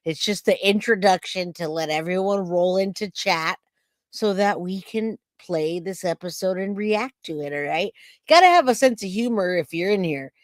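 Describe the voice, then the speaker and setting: Low-voiced chatty woman streamer. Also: animated, normal speed, dry recording, clean studio sound. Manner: chatty, jokey, reads out chat comments. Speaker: livestream reaction host. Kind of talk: casual live-stream chat.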